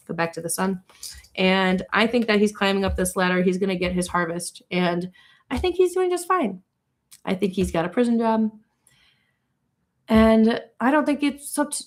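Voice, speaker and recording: A young woman chatting casually as a tarot reader on a livestream, candid and quick to swear. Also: mid-range voice.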